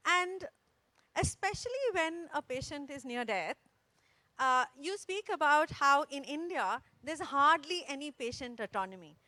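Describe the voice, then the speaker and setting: A woman moderating a festival panel, asking an author measured questions. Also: sits high, sharp tone, no room sound. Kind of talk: interview questions. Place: festival stage.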